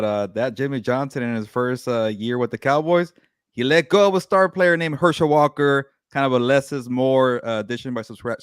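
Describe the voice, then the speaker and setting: A man co-hosting a casual sports podcast, measured and adding his own comparisons between filler words. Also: mid-range voice, clean tone, no room sound, studio quality. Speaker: podcast co-host.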